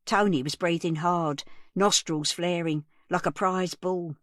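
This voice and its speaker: A woman narrates an audiobook in a plain storytelling manner. Her voice sits on the low side. The studio recording is close and dry, with no room sound. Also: steady tone, a little slow, a bit bright, no room sound. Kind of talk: first-person audiobook narration.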